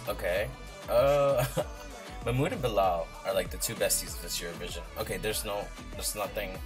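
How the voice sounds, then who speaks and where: A man hosting a reaction video, chatting casually and gushing with excitement as he watches. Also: deep voice, normal speed. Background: music playing from the video.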